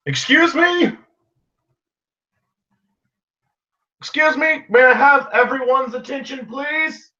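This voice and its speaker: A man's voice: fairly high pitch, measured pace, pushed and bright, husky, full character voice. A man voicing Roland, a shy, hesitant young adventurer who stammers politely. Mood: formal. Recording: dull lo-fi audio.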